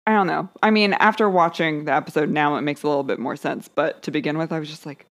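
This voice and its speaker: A woman co-hosting a podcast, chatting casually with quick reactions and disgusted asides. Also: deep voice. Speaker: podcast co-host. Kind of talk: casual chat.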